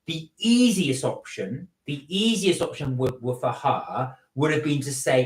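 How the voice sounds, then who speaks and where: A man co-hosting a casual live stream, reading viewer comments aloud and reasoning things out in a measured way. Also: fairly high pitch, animated, a bit bright, echoey room, rough recording.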